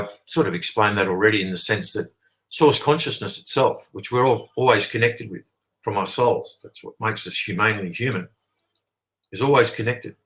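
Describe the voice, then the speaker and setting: A man's voice: on the low side, a bit bright, poor audio. A man with an Australian accent, giving a long explanatory monologue as an interview guest, talking emphatically and often checking in with "okay?".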